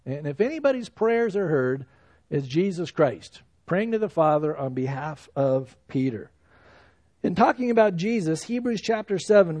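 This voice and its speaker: Man, sermon, animated conversational preaching, high pitch, very expressive. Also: no echo. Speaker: pastor. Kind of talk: expository Bible sermon.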